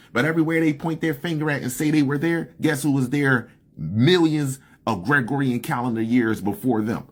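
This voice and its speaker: A man ranting profanely and heatedly on a casual live stream, his voice climbing high when he gets worked up. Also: moderate pace. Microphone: phone.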